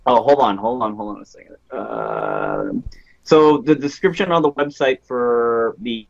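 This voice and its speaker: Over a muffled remote link, a man co-hosts a casual paranormal live-stream podcast in a mid-range, gravelly voice. He is very animated yet a little slow, reading news and viewer comments with dry exasperation, with no room sound.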